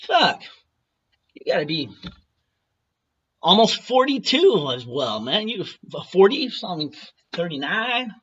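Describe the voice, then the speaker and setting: A man in his thirties delivers a profane, mocking rant straight to camera, breaking off to read documents aloud. His voice sits high and sounds bright and forceful. The recording is dull and lo-fi. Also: very animated, measured pace, long pauses, husky. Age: 30s. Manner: reads documents aloud between jabs. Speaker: vlogger. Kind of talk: ranting monologue to camera.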